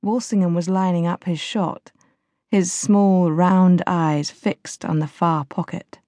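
A woman narrating a novel as an audiobook reader, in a measured, even storytelling manner. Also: fairly low pitch, no room sound.

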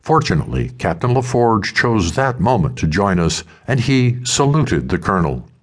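A male audiobook narrator with a deep, low voice. He reads a first-person story in a measured, steady way.

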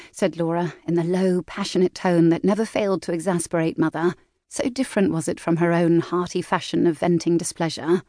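Reading a classic novel for audiobook, a woman narrates with measured, expressive storytelling. Her voice is fairly low in pitch, and the studio-quality recording carries no echo.

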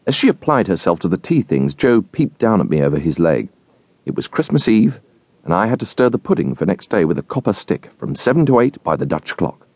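A man reads a classic novel aloud with expressive storytelling. His voice is deep yet lively, rising and falling widely. The recording is close and dry. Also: a little fast, dry recording. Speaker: audiobook narrator. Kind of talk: scripted narration of a classic novel.

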